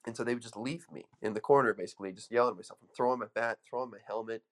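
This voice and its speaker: A man's voice: on the low side, fairly even intonation, rapid-fire. A man coaching an audience with an emphatic, storytelling motivational speech, full of restarts. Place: room with an audience.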